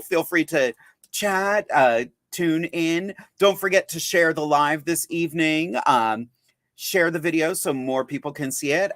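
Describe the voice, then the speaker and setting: A drag artist hosts a live podcast, chatting casually as in a livestream, upbeat and self-mocking. His voice is a little high with a fairly bright tone, and the recording is dry.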